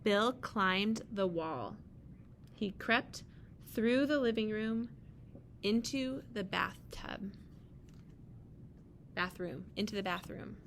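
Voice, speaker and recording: A young woman teacher reading a picture book aloud to her students, gently pausing to ask them questions and give instructions. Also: medium pitch, a little hiss or hum.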